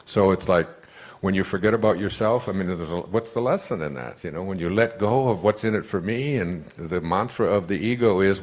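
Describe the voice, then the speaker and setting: A man's voice: deep voice, moderate pace. An older man giving a motivational talk as an author and speaker, telling long rambling stories with frequent restarts. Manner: anecdotal, rambling storyteller with many restarts. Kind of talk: motivational talk to a live audience.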